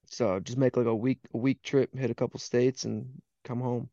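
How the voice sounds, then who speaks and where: A man's voice: medium pitch, flat delivery, normal speed, mellow, dry recording, lo-fi sound. A young man from Wisconsin with an Upper Midwest accent, a laid-back podcast guest who laughs easily and acts out what people said to him. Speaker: podcast guest, hunting guide. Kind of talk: casual chat.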